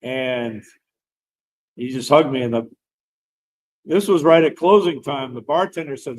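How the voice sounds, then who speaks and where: A man's voice: mid-range voice, a little slow, pauses often, low-quality recording. A middle-aged man, a veteran guest, telling a personal story in a casual, rambling way. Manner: rambling, animated storyteller who laughs while talking.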